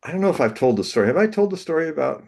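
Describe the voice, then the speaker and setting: A man, a guest on an interview show, telling a personal story with laughs, restarts and lively acted bits. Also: fairly high pitch, rapid-fire, creaky.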